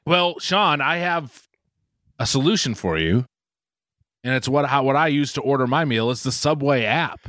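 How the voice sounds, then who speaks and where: A man's voice: medium pitch, lively intonation, moderate pace, a bit bright, no room sound, clean studio sound. A man in a casual comedic podcast chat who argues his points and disagrees readily.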